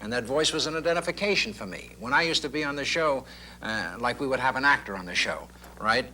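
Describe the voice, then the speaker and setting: A middle-aged man with a very bright, sharp voice recounts his career as a comedian, thoughtful and anecdotal. Faint hiss and hum sit under him, as on an old broadcast tape. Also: medium pitch, animated, fast talker. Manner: thoughtful, anecdotal, with clipped impressions. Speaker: comedian guest. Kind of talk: talk show interview.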